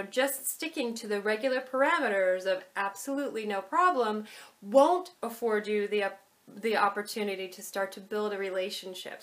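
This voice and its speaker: A woman with a slightly high voice explains customer service to restaurant staff in a relaxed, conversational way. She stops and restarts now and then, and her voice jumps up when she acts out a server's eager replies. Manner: chatty, with hesitations and lively quoted server lines. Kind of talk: instructional talk with acted examples.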